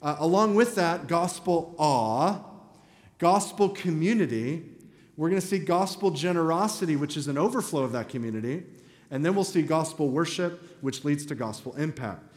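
A man's voice: on the high side, expressive, moderate pace. A man preaching a sermon as pastor in a church, talking in a conversational but emphatic way. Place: church sanctuary. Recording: echoey hall reverb.

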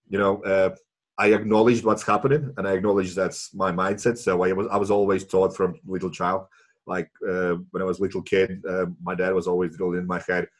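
A man speaking English as a second language in casual chat as a guest, earnest and halting, often restarting his phrases. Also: low-pitched, breathy edge. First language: not English.

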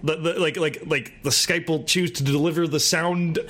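A man's voice: a little high, steady tone, normal speed, fairly bright tone. A man co-hosting a podcast over a call, joking and giggling as he talks. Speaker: podcast co-host. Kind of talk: casual podcast chat. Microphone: remote call.

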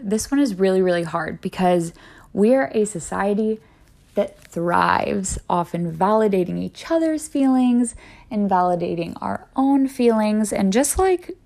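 A woman's voice: medium pitch, expressive, measured pace, vocal fry, darkish tone. Female solo podcast host, encouraging and conversational, mid-range voice. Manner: earnest, encouraging, chatty with many "like"s. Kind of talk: solo wellness podcast talk.

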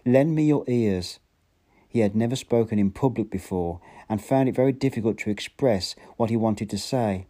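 Man reading aloud in a very dark voice. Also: fairly low pitch. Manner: measured reading, with occasional stumbles and self-corrections. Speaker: audiobook narrator.

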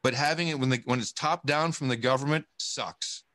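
Man, casual interview talk, emphatic, profane, rambling, mid pitch, dry recording. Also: fairly quick, fairly bright tone, dry recording. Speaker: podcast guest. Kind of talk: casual conversation.

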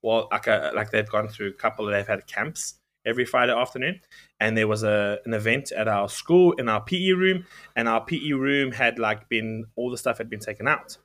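A man co-hosting a podcast, telling a work story in a lively way, often stopping to correct himself. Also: fairly low pitch, normal speed. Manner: lively storytelling, self-interrupting. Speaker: podcast co-host. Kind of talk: casual chat.

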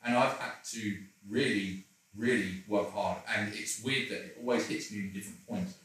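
A man's voice: lowish voice, normal speed, a bit bright, heavy reverb, recorded from a distance, poor audio. A man candidly telling personal stories in conversation, rambling and self-deprecating with frequent laughs. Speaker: interview guest.

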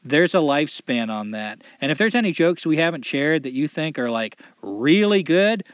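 Podcast host guy, high voice, super lively, jokey storyteller, dry slightly dull audio. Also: normal speed, no echo. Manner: animated storyteller, joking and laughing. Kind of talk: casual podcast chat.

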